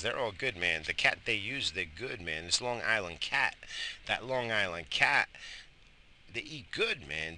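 A man's voice: sits low, sharp tone, a little hiss or hum. A middle-aged man, tired and coughing, rambling profanely in a casual morning vlog. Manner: profane, rambling, loose and chatty. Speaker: vlogger.

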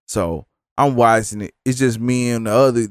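A man hosting a podcast, telling a profane, animated story while sick and tired, mocking the people he quotes. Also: mid-range voice, normal speed, smooth, dry recording, studio quality. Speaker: podcast host. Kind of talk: casual storytelling monologue.

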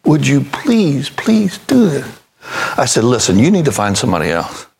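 A man's voice: medium pitch, big pitch swings, brisk, darkish tone, slight background noise. An older man preaching a sermon as pastor, telling a story in a folksy way and acting out both sides of the conversation, then rising to emphatic preaching.

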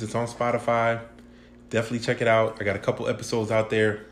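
A man's voice: on the low side, completely flat delivery, fast talker, echoey room, a little hiss or hum. A man co-hosting a casual podcast with his wife, easygoing and talking in fits and starts. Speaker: podcast co-host. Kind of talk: casual chat.

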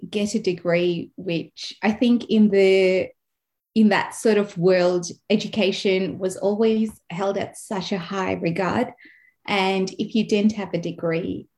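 A woman from Kenya with a modified Australian accent, a speech and language pathologist speaking as a guest in a relaxed interview, thoughtful and full of pauses. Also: on the low side. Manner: thoughtful, many fillers and pauses. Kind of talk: casual interview conversation.

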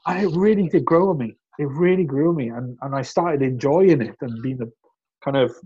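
A man hosting a casual conversation, animated, often restarting sentences and laughing. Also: mid-range voice, moderate pace, slightly rough, dull audio. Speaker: host.

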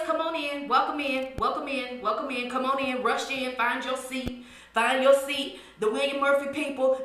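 Brief: woman host, high voice, animated and teasing, heavy room echo. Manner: animated, teasing, church-style call and response. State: out of breath. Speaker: podcast host. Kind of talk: playful podcast monologue, chanting dance calls. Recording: very echoey room.

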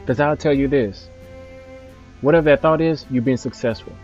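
A father giving an earnest motivational talk, his voice often dropping softly at the ends of phrases. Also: mid-range voice, normal speed. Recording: slightly dull audio with faint music.

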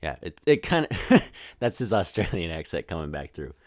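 A man's voice: low voice, very animated, normal speed, no echo, studio quality. A man hosting a podcast, giving a casual, rambling movie review with lots of restarts. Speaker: podcast host.

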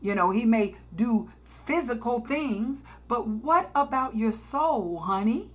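Slow-preaching woman calling out to listeners. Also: a little high, lively intonation. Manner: exhorting, calls listeners honey, sings out phrases. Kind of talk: sermon.

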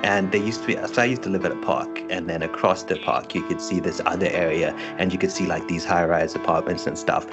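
A man's voice: low-pitched, fairly even intonation, brisk, hardly any pauses, music in the background. A man co-hosting a casual podcast chat, laid-back and laughing often. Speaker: podcast co-host.

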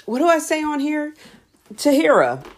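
A woman's voice: high-pitched, big pitch swings, normal speed. A woman hosting her solo podcast from home, giggly, losing her place, restarting and chewing as she talks. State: chewing food. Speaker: podcast host. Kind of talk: rambling solo podcast talk. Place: home, alone.

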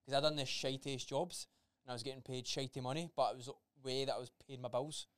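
A man's voice: medium pitch, fairly even intonation, fast, smooth, no room sound, studio quality. A man co-hosting a podcast, talking in a blunt, sweary, matter-of-fact way. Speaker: podcast co-host. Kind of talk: casual podcast chat.

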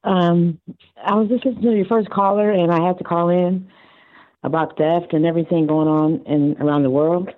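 A woman's voice: fairly low pitch, steady tone, normal speed. A woman calling into a show, speaking hesitantly with many fillers. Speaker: caller. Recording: tinny phone line.

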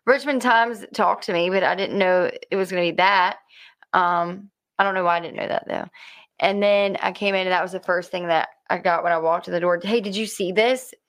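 A woman telling a personal story in casual conversation, halting often with fillers and restarts. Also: lowish voice, steady tone, a bit bright. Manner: hesitant, many fillers and restarts.

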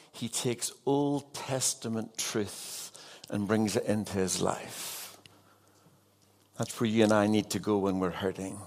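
A man's voice: fairly low pitch, darkish tone. A man preaching an evening sermon as a pastor, earnest and putting direct questions to his congregation.

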